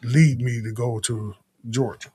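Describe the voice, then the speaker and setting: A man talking as a guest in a casual conversation, rambling in a relaxed way and often asking "you know what I'm saying". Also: medium pitch, normal speed, breathy edge.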